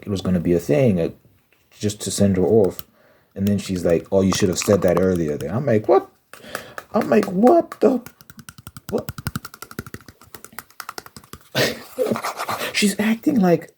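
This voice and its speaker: A man hosting an ASMR channel, telling a story in an exasperated, animated rambling way with lots of restarts. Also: fairly low pitch, slight background noise.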